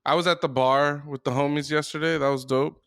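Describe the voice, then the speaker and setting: A podcast co-host tells stories in a relaxed, profane casual chat. His voice is a little high and fairly bright, with clear, resonant tone, fairly even intonation and a slightly fast pace. The studio-quality recording has no room sound.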